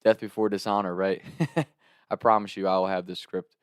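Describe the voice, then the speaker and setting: Animated, profane man telling a story. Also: low-pitched, normal speed, smooth, dry recording, studio quality. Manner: animated, profane, laughs between lines; earnest and heartfelt when thanking viewers. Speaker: storyteller and content creator. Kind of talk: storytime vlog, comic anecdote.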